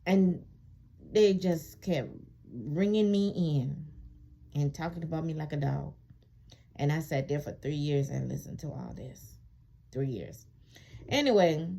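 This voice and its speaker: Slow, low-voiced woman telling her story. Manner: emphatic, colloquial, repeats phrases for emphasis; animated when reliving indignation. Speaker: vlogger sharing her immigration experience. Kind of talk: casual personal storytelling.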